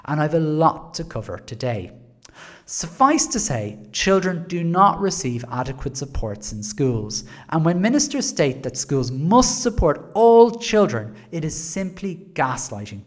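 An Irish education podcaster talking in a monologue, sarcastic with wry asides. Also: medium pitch.

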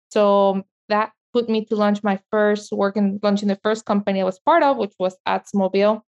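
A middle-aged woman from Mexico with a heavy Mexican accent, speaking as an interview guest in an animated, passionate way and laughing easily. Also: mid-range voice, dull audio. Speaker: guest, media entrepreneur. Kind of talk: interview conversation.

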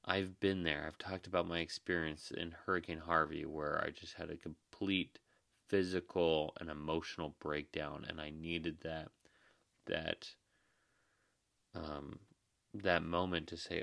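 A man's voice: extremely low pitch, level tone, a little slow, vocal fry, fairly bright tone, dry recording, studio quality. A tired young man, a new dad and emergency manager, hosting a podcast in an earnest, reassuring, rambling way. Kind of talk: casual podcast monologue.

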